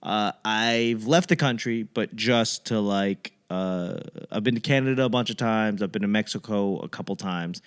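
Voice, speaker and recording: A man's voice: lowish voice, normal speed, hardly any pauses, clean tone. Man, young adult, comedian, podcast host, rambling, joking, digressive. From Boston. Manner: digressive, joking, puts on mocking voices.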